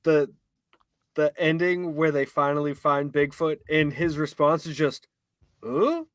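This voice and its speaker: A man co-hosting a casual podcast chat. He makes joking quick interjections. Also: a little high, level tone, fairly bright tone, no echo, clean studio sound. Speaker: podcast co-host.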